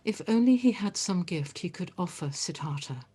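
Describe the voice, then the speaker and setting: A woman reading a story aloud in a calm, measured, gentle way. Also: fairly low pitch, breathy edge.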